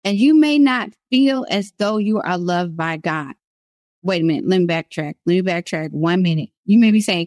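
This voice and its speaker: A woman's voice: on the low side, normal speed, darkish tone, dry recording, studio quality. A woman giving an earnest devotional sermon, stressing key phrases by repeating them. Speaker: women's devotional speaker.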